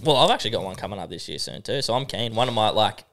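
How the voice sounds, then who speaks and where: A man's voice: on the low side, expressive, very fast, a bit bright. A man with an Australian accent co-hosting a podcast with keen, laughing banter. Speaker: podcast co-host. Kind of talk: casual podcast chat.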